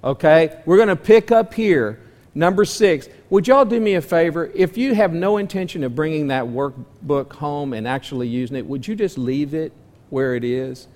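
A man with a fairly high voice preaches to a church class in a folksy way. He puts question after question to the room, rising loud and dropping soft. His voice rings through a hall with a long reverb. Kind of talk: sermon-style Bible class.

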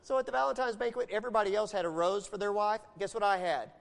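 A middle-aged man preaching a sermon, animated, moving between loud emphasis and quiet asides. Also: high-pitched, fast talker, vocal fry. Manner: animated preacher telling a story, shifting loud and soft. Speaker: pastor. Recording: long hall reverb.

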